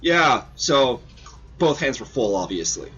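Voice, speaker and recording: A man telling stories with lots of swearing, his pitch swinging up and down as he acts out the moments. The sound is dull and lo-fi, like a home stream recording. He hosts the chat in a loose, casual way. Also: a little slow, breathy edge. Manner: profane, animated storyteller. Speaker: host of a model-building stream.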